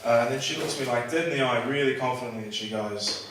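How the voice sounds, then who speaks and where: Laid-back Australian comic in echoey club. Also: male voice, medium pitch, quick pace, hardly any pauses, very noisy. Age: young adult. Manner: laid-back, rambling with many fillers. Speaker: stand-up comedian. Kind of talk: stand-up comedy set. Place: comedy club stage. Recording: echoey club recorded from far off. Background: audience laughter.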